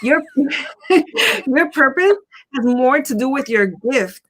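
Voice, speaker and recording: A middle-aged woman co-hosting a casual motivational talk show, chatty and playful, halting with fillers. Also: sits high, big pitch swings, a bit bright. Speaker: show co-host.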